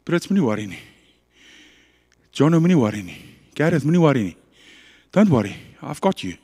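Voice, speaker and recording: A man with a South African accent voicing God as a soft, fatherly, reassuring presence. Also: big pitch swings, fairly quick, slightly rough, long reverb tail, exaggerated voice. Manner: soft, low and comforting.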